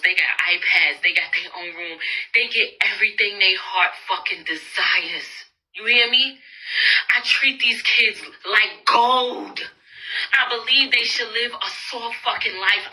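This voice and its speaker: A woman with a high, very bright and piercing voice, ranting to her viewers in a casual vlog. She sounds exasperated and swears freely. She talks to the camera like she is confiding in friends. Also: rough recording. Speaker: mother venting to viewers.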